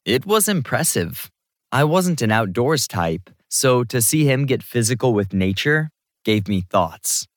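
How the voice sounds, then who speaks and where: Lively low-voiced male audiobook narrator. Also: no echo, studio quality. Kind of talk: scripted first-person narration.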